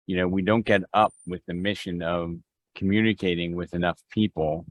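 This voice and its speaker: A man's voice: sits low, fairly bright tone. A man leading a real estate mastermind on a video call, talking conversationally with restarts and acted-out phone exchanges. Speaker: real estate team leader.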